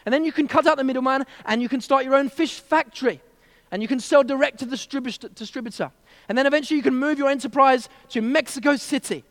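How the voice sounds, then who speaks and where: Man playing a confident businessman, brisk and lecturing, high-pitched, echoing hall. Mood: eager, persuasive. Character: pushy male American businessman, self-assured.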